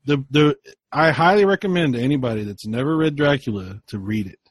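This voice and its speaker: A man's voice: mid-range voice, animated, brisk, husky. A man co-hosting a podcast in casual chat, enthusiastic and emphatic.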